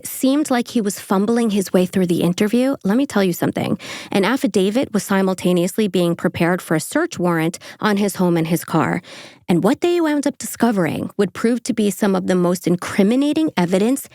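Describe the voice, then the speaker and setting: A woman's voice: medium pitch, darkish tone, no echo. True crime host, woman, snarky narrator, dry close sound. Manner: sarcastic, swears casually. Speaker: podcast host.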